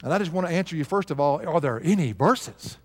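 A man's voice: a little high, expressive, quick pace. A male preacher delivering an emphatic sermon, asking his congregation to answer aloud. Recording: live sermon with long hall reverb.

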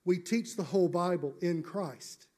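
A man preaching a sermon as pastor, earnest and emphatic, slowing down to stress key phrases and sometimes dropping to a soft near-whisper. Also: high voice.

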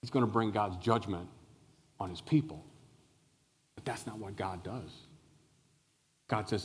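A male pastor preaching a sermon, telling a Bible story with animated explanation and questions to the listeners. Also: fairly low pitch, measured pace, pauses often. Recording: long reverb of a large hall.

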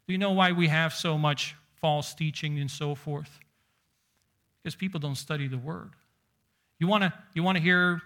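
A man preaching a sermon, emphatic, slowing down and dropping to a near whisper to stress points. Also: fairly high pitch, a bit bright.

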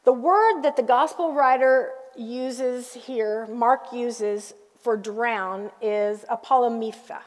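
A middle-aged woman pastor preaching a sermon, telling family stories with lively asides to the congregation. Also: on the high side, slow, hardly any pauses, big-room sound.

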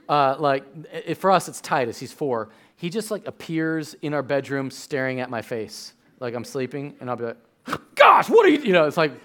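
This sermon comes from a male pastor in his thirties whose voice sits on the high side. Animated and conversational, he tells stories and bursts out loudly without warning.

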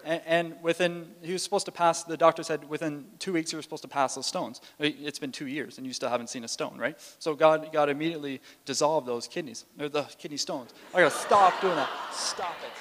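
A man's voice: fairly high pitch, fairly even intonation, fast talker, few pauses, slight background noise. A man giving a sermon, telling stories in a casual way with fillers and restarts. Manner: storytelling with frequent restarts and fillers. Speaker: preacher. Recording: long hall reverb.

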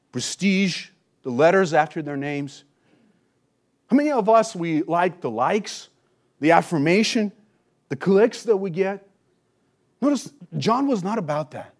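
Emphatic high-voiced male preacher. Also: a little mellow. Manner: emphatic, teaching with rhetorical questions. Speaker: pastor. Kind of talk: expository sermon.

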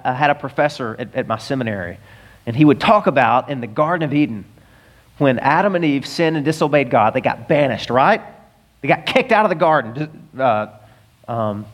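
A man preaching a sermon, telling stories with animated, emphatic delivery. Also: mid-range voice. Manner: animated storytelling preacher, rising to emphatic peaks. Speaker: pastor.

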